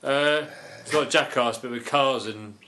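A man's voice: mid-range voice, unhurried, pushed and bright. A man on a podcast, telling stories casually with swearing and laughter. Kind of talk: casual banter.

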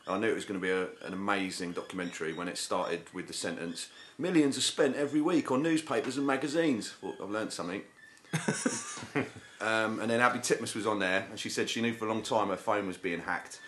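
A man co-hosting a comedy podcast, telling crude jokes in a deadpan way. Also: deep voice, fairly quick, roomy sound, slight background noise. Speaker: podcast co-host. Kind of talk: casual comedy banter.

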